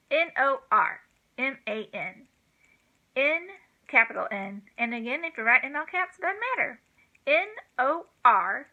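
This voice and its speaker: A woman's voice: high voice, pushed and bright, muffled recording. An older woman, a grandmother, giving a homeschool vocabulary lesson, spelling words letter by letter in a chatty, self-deprecating way.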